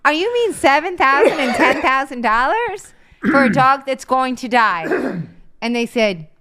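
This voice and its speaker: A woman's voice: sits high, expressive, unhurried, fairly bright tone. A woman, the host's wife, telling a story in a dry, matter-of-fact way on a live show. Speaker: guest, comedian's wife. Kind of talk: casual storytelling.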